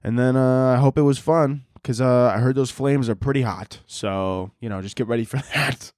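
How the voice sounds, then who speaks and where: A man's voice: medium pitch, measured pace, a little mellow, no room sound, clean studio sound. A young man hosting a podcast, rambling through a comic monologue, swearing often and laughing at his own jokes. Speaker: podcast host. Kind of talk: casual comedic monologue.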